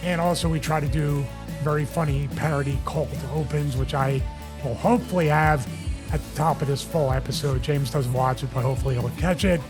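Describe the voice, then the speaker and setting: A man with a Philadelphia accent hosting a casual podcast, losing his voice, talking in an animated way. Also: fairly high pitch, fairly quick, music in the background. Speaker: host.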